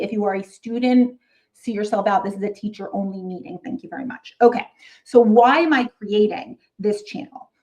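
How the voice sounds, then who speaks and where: A chatty woman with a New York accent talks casually to other teachers in a warm, mellow voice. She peppers her talk with "okay?" and wry jokes. Her tone is relaxed and down to earth. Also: medium pitch. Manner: chatty, keeps checking in with "okay?", wry joking asides. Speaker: middle school marketing teacher, channel host. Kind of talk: casual chat to fellow teachers.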